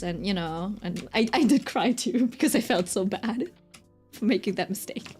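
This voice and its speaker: A woman's voice: medium pitch, expressive, normal speed, darkish tone, faint music behind. A woman streamer telling a story in a casual, rambling way, full of fillers and constant "right?" check-ins. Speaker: streamer chatting while drawing.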